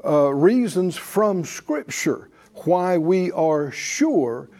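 Speaking extremely slowly, a preacher with a high, slightly mellow voice and big pitch swings reads verses in an emphatic rhythm. He leads the congregation through repeated call-and-response.

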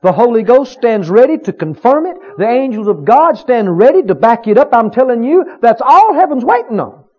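Man, preacher, fervent sermon, high and lively voice, dull lo-fi recording. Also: moderate pace, hardly any pauses, husky. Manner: fervent, rising to shouted repeated phrases.

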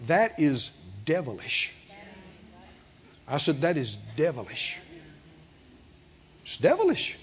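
A man preaching a sermon with energy. He throws questions to the congregation and acts out the quoted voices with big swings in loudness. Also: fairly high pitch, slow pace, pauses often, lo-fi sound. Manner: animated preaching with call-and-response questions to the congregation. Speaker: pastor.

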